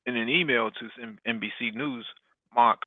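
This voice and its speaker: Male host reading news copy, mid-range pitch, frequent restarts, tinny phone-like line. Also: steady tone, a little fast, no room sound. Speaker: podcast host. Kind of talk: reading a news article aloud.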